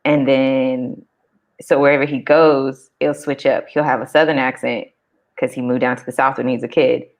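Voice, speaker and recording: A woman in her thirties co-hosting a casual chat, relaxed and reflective, laughing easily as she tells stories. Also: rumbling low, moderate pace. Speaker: podcast co-host. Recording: dull lo-fi sound.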